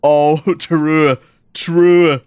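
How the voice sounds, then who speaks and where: A young man streaming a game in excitable, stammering casual commentary, with frequent swearing and repeated words. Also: a little high, drawn-out words, smooth, no echo.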